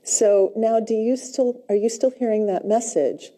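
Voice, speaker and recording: A woman guiding a client through a tapping session, calm and gently directive. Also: fairly high pitch, measured pace. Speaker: tapping practitioner.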